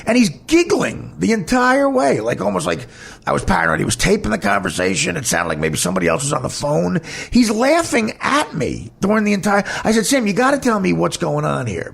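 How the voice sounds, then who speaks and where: A man's voice: high voice, very animated, a little fast, vocal fry, a bit bright, breathy edge. A man hosting a podcast, telling a candid personal story in a blunt, profane, rambling way. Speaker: podcast host.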